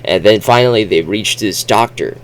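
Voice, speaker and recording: A man giving a casual, rambling book review vlog, talking haltingly and restarting his sentences. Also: fairly low pitch, a little hiss or hum.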